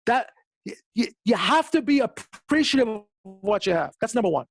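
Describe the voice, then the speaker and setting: A man's voice: moderate pace, creaky, no room sound. A man giving a motivational webinar talk, who acts out the quotes in his stories with big jumps in voice and repeats words for emphasis. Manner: animated storytelling, acting out quotes with big pitch jumps. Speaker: motivational speaker.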